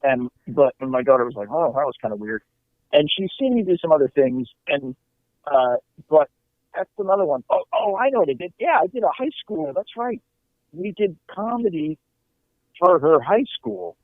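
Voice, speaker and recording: A man's voice: fairly high pitch, animated, normal speed, dry recording. A middle-aged man, a comedian guest, telling stories casually and acting out quoted lines with animation. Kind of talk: casual storytelling. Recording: tinny phone-like line.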